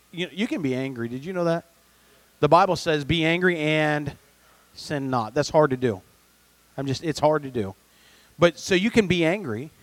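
A man preaching a sermon, moving between soft conversational asides and loud emphatic peaks. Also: on the high side, no echo. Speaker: pastor.

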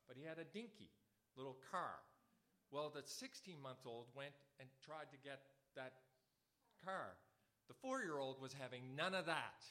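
A man preaching a sermon in a conversational way, telling everyday stories between scripture readings. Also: on the high side. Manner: conversational storytelling, animated asides.

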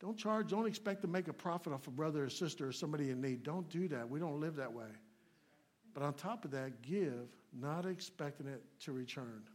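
A man with a notably high speaking voice delivers a sermon as a visiting preacher. His talk is folksy and plainspoken. He lunges into loud, emphatic lines and then pulls back to soft, low asides. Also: a little fast. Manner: folksy, swings between loud emphatic and hushed. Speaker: guest preacher.

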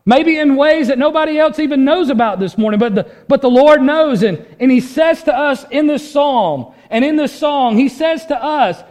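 A man preaching a sermon in earnest, swinging from loud emphasis to a hushed voice and often repeating words as he restarts. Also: very high voice, animated, normal speed, hardly any pauses. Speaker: pastor.

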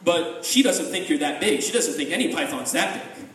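Anansi the spider: a man doing a sly, coaxing trickster in a high voice, echoey and off-mic, storybook telling. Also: lively intonation, normal speed, fairly bright tone, slight background noise. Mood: scheming. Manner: crafty, coaxing. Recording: echoey room, voice from a distance.

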